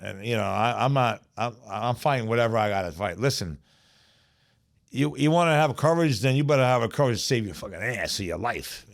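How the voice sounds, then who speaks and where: A middle-aged man from the South Bronx, New York, with a New York accent, tells streetwise stories as a podcast guest in a casual, profane chat, repeating "you know what I'm saying." His medium-pitched voice is creaky and brisk, with lively intonation.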